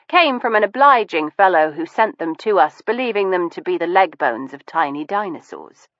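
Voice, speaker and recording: A woman narrating an audiobook in an arch, precise way, her low-set voice swooping with lively inflection. She sounds close and dry, and the recording is somewhat dull and muffled. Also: no echo. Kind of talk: scripted first-person narration.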